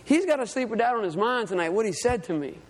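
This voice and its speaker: Man, sermon, earnest storytelling, high voice, reverberant hall. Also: expressive, fast talker. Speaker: lay preacher and fishing guide.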